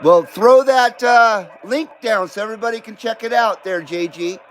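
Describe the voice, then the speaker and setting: A man's voice: sits high, moderate pace, low-quality recording. A man hosting a live radio-hobby stream, chatting casually and swearing freely as he greets viewers by name. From Southern California. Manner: laid-back, profane, greets viewers by name. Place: home in Carson City.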